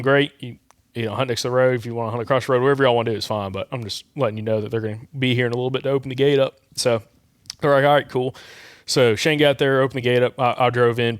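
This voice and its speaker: A man with a drawl hosts a podcast and rambles through a story in a relaxed, easygoing way. His voice sits at an ordinary middle pitch. It is recorded close and dry, with no room sound. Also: no echo. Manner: rambling, relaxed anecdote-telling. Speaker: podcast host.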